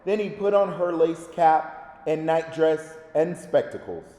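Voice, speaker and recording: A man reading a children's storybook aloud in a gentle, expressive way. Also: a little high, a little slow. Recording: echoey reverberant room.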